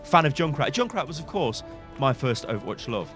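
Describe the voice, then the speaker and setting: A man, hosting and commenting on gameplay as a coach, in an animated, theatrical way. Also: mid-range voice, soft background music. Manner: animated, theatrical, quick to exclaim. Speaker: game coach and channel host.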